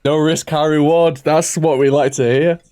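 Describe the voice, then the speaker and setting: A man's voice: fairly high pitch, steady tone, moderate pace, warm tone, smooth. A young man co-hosting a podcast, ribbing his friend with dry banter. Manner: dry teasing banter, calls people "dude". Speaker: podcast co-host. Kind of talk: casual chat.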